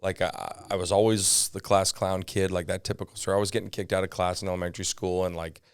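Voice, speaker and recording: Low, smooth-voiced Canadian comedian man. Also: fast, dry recording. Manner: animated storyteller, lots of fillers and asides. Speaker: guest comedian. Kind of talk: casual podcast chat.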